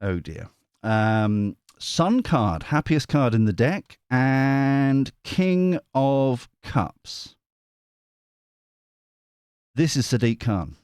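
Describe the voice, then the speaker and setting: Male tarot host, rambling and lively, pitch jumping around, dry close sound. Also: drawn-out words, clear, resonant tone, no echo. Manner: rambling, animated, with many restarts and asides. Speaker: tarot reader, channel host. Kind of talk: casual monologue before a card reading.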